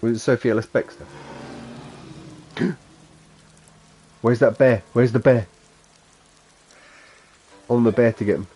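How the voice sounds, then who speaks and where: A man's voice: mid-range voice, fairly even intonation, takes it slowly, long pauses, mellow, husky. A man with a Suffolk accent chatting casually and rambling as he streams a game, chuckling to himself. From England. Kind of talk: casual gameplay chat.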